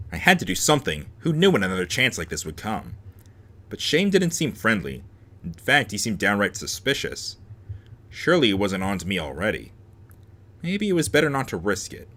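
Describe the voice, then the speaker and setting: A man's voice: on the low side, very animated, a little fast, sharp tone. A man reading a visual novel aloud as host, dropping sarcastic asides between the lines of narration. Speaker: let's play host.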